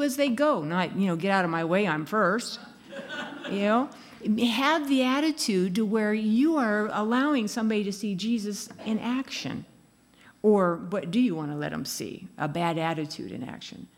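A woman's voice: medium pitch, animated, moderate pace. Chatty laughing woman preaching. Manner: chatty and laughing, acts out little quoted lines. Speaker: speaker giving a devotional talk. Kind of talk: sermon.

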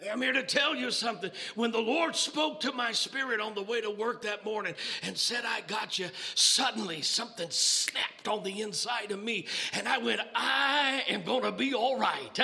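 A man preaching a sermon, building to shouted exclamations with many "uh" and "amen" fillers. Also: high-pitched, normal speed, gravelly, few pauses.

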